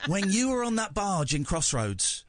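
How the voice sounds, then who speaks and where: A man's voice: sits high, a little hiss or hum. A man hosting a late-night radio talk show, joking and chatting casually in a studio. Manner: animated, joking, quick asides. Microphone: studio mic.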